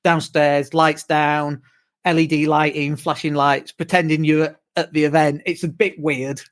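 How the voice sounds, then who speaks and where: British man, podcast co-host, tired, lively storyteller, fairly high voice. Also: moderate pace. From United Kingdom. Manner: swearing, animated storytelling with mimicked whoops. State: exhausted from jet lag. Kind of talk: casual chat.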